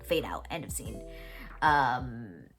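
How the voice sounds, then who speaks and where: A woman's voice: extremely low pitch, big pitch swings, slow pace, a bit bright, soft background music. A woman hosting a podcast, casually recapping a TV episode, gushing and teary as she retells its scenes. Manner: emotional, gushing, retells scenes with quoted lines.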